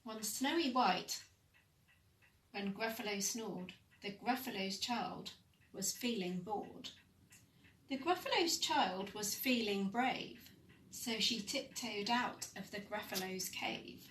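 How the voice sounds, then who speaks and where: Lady reading a kids' story slow and soft, bright voice, echoey room, a bit far off. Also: medium pitch, slight background noise. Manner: gentle, slow and soothing reading. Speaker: pastoral worker. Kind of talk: reading a children's picture book aloud. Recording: echoey room, mic at a distance.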